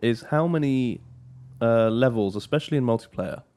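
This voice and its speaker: A man co-hosting a casual video game podcast, speaking in a measured, reflective way. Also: mid-range voice, warm tone. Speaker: podcast co-host. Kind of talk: casual chat about games.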